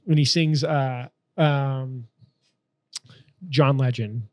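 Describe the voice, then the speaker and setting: A man in his thirties telling a profane, animated story in casual podcast chat, acting out the people in it. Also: medium pitch, very slow. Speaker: guest.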